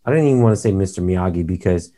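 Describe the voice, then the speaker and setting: A man's voice: low-pitched, animated, very fast, a crowd in the background. A man co-hosting a podcast in casual chat, rambling and wry, often repeating himself. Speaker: podcast co-host.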